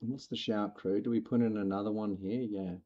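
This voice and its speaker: A man chatting casually while streaming a game, musing out loud, poking fun at himself and laughing often. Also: on the low side, fairly even intonation, a little fast, dull audio. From not from the local rural area. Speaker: gaming streamer. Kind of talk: casual chat while playing.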